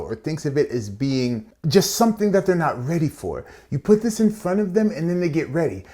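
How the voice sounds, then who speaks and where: A man's voice: mid-range voice, a little mellow. Chatty man mixing cocktails. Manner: chatty and playful, with asides and slang. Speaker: bartender and channel host. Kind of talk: casual cocktail tutorial.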